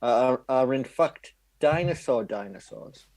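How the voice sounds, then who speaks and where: A man's voice: medium pitch, animated, slow, darkish tone. Jokey man heard from a distance. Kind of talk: casual chat.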